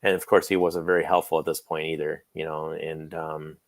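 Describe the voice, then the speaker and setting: A man's voice: extremely low pitch, little pitch movement, a little fast, no echo. A middle-aged man casually telling stories about a late friend, acting out both sides of their phone calls. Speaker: guest, friend and manager recounting memories. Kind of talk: casual storytelling in a podcast chat.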